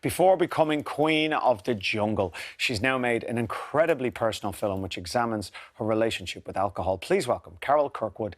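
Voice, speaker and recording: A man co-hosting a TV chat show, gushing over his guests and quick to laugh. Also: medium pitch, lively intonation. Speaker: co-host.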